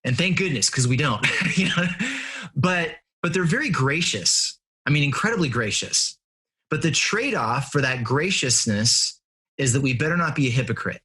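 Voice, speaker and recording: A middle-aged man talks as an interview guest in an average-pitched voice. He tells stories earnestly and with lots of animation, acting out what people said and often laughing at his own mistakes. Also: moderate pace, slightly rough. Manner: earnest and animated, acts out quotes, laughs at himself. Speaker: interview guest, family and business coach. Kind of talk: conversational storytelling.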